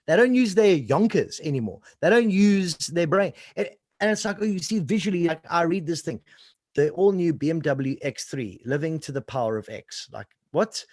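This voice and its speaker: A man's voice: fairly high pitch, lively intonation, normal speed, darkish tone, no room sound, clean studio sound. An exuberant man with a South African accent, a voice-over coach answering interview questions and acting out sample reads. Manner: exuberant, sings out sounds and demonstrates reads.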